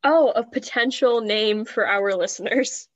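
A woman's voice: on the high side, unhurried, dry recording. A young woman co-hosting a podcast, chatting casually and playfully teasing her co-host. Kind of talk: casual chat. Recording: muffled lo-fi podcast audio.

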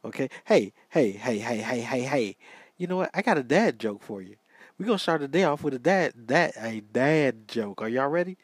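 A man's voice: medium pitch, expressive, moderate pace, breathy edge, no room sound. An American man hosting a casual solo podcast, talking in a chatty, repetitive way and calling his listeners y'all, a little sleepy. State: sleepy, yawning. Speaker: podcast host. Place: small home studio.

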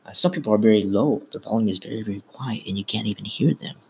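A man's voice: lowish voice, fast talker, gravelly, slight background noise. A man hosting a podcast, talking informally and instructively in a casual monologue, often correcting himself mid-sentence. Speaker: podcast host.

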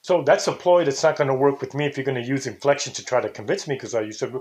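A man's voice: medium pitch, fairly even intonation, quick pace, darkish tone. An older man hosting a casual talk show, rambling and indignant, sometimes imitating how people say things. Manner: rambling, indignant, mimics intonations. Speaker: podcast host.

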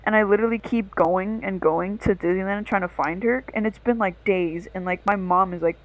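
A young woman on a casual podcast, telling a story in a loose, rambling way and swearing freely. She sits at a middle pitch and keeps her delivery animated. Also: a little fast, low-quality recording. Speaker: podcast co-host.

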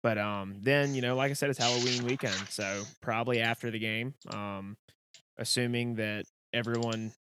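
A man's voice: medium pitch, fairly even intonation, moderate pace. A man co-hosting a podcast, chatting in a casual, upbeat way. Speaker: podcast co-host. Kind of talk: casual chat. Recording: clear keyboard noise behind.

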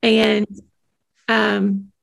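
A woman's voice: medium pitch, completely flat delivery, drawn-out words, gravelly. A woman with a Southern US accent co-hosting a podcast, gushing and enthusiastic with lots of giggles. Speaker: podcast co-host.

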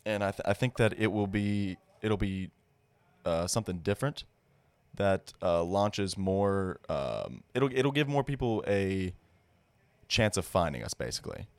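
A young man co-hosting a casual podcast, rambling and relaxed. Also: deep voice, measured pace, clean tone, no room sound. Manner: rambling, relaxed, laughs often. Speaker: podcast co-host.

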